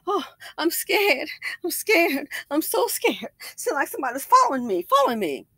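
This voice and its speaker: A woman's voice: sits high, expressive, fast, sharp tone, dry recording, pitched above the performer's own voice. A woman voicing an older woman who pleads in fright, repeating herself, then turns indignant. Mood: frightened pleading. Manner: trembling, pleading repetition.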